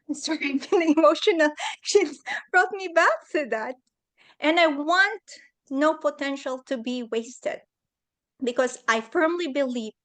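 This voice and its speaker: A high-pitched woman joins a leadership summit as a video-call guest, earnestly and sincerely recounting something from her own life.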